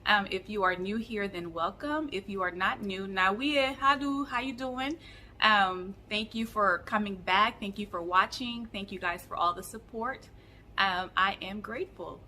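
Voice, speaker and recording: A woman vlogger telling a story in a chatty, animated way with many fillers. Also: medium pitch, measured pace, slight background noise. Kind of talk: casual storytelling vlog.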